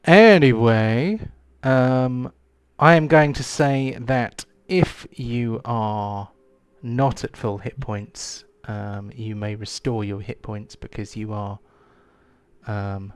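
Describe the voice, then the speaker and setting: Hesitant, slow-talking game master man. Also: mid-range voice, smooth, dry recording. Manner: hesitant, with many ums. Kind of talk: casual tabletop game running.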